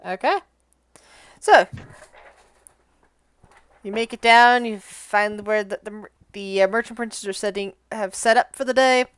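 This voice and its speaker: A woman's voice: mid-range voice, unhurried, long pauses, smooth, no echo. A woman game master narrating a tabletop game, sometimes searching for words.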